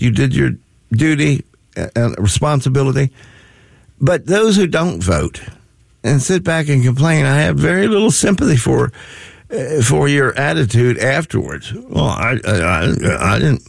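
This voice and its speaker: Male talk radio host, folksy and curmudgeonly, lively swooping pitch, gravelly edge, dry close studio sound. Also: moderate pace, no echo. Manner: self-mocking curmudgeonly rambling with many restarts.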